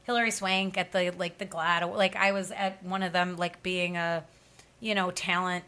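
A woman's voice: fairly low pitch, level tone, moderate pace, sharp tone. A woman hosting a casual chat, telling rambling stories full of asides. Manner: chatty, rambling storytelling with many asides.

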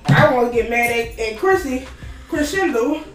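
A woman chatting casually as a podcast co-host, telling animated anecdotes and laughing through them. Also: a little high, moderate pace, far from the mic, soft background music. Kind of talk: casual chat. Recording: echoey room, off-mic.

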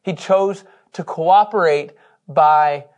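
A man teaching a Bible study, reading scripture with emphasis and talking in an animated, conversational way, laughing often. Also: on the high side, slow. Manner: reads scripture aloud with emphasis.

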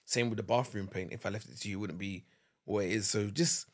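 A man with a fairly low voice, co-hosting a relaxed podcast chat with his partner. He talks things through in an easygoing, conversational way and leans on small household examples. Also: fast. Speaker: podcast co-host. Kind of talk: casual couple's chat.

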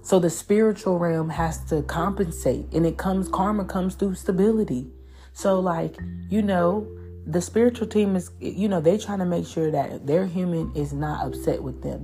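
Woman, low voice, mellow tone, tarot reading, casual and profane, faint music behind. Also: normal speed. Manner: profane, animated, acts out spirits' voices. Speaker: tarot reader.

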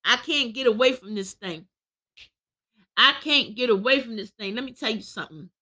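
Fervent high-voiced woman preaching. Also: lively intonation, moderate pace. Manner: fervent, shouting and emotional, quoting scripture. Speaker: podcast preacher. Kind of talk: preaching to listeners.

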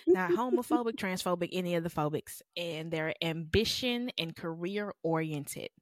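Young woman podcast co-host, frank, joking, slangy; lower pitch, dry recording. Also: sing-song, unhurried, no echo. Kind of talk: casual podcast chat.

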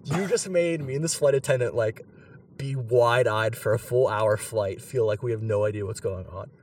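A young man from Pittsburgh telling an animated story on a podcast, laughing and using many fillers. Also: lowish voice, moderate pace, a little hiss or hum. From Pittsburgh, USA. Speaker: podcast co-host. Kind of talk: casual storytelling. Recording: a bit far from the mic.

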